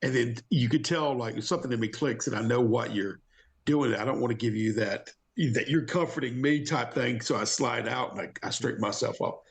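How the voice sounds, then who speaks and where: A man playing a tabletop game describes his character's actions at length. He rambles and restarts often, and his voice has a gravelly fry. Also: mid-range voice, moderate pace. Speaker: player.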